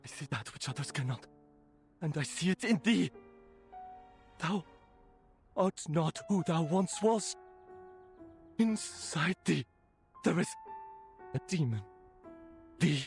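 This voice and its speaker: A woman doing a deep, solemn zealot man. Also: expressive, slow pace, pauses often, a little mellow, soft background music, exaggerated voice. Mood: ominous. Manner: solemn, archaic preaching tone. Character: fanatical middle-aged male relative, archaic speech.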